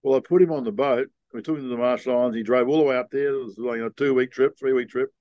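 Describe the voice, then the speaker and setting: An older man being interviewed, telling long rambling stories in a relaxed, casual way. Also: mid-range voice, fast, no room sound, lo-fi sound. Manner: laid-back rambling storyteller. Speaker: guest.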